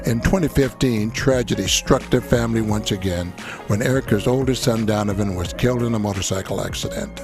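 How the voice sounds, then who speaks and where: A man reading a formal, scripted introduction for a podcast in a measured voice. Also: lowish voice, gravelly. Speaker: show announcer. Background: music.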